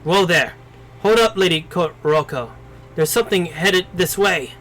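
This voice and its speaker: A man's voice: sits high, measured pace, fairly bright tone. A man reading the lines of a brash, easygoing young male warrior in a casual, slangy way.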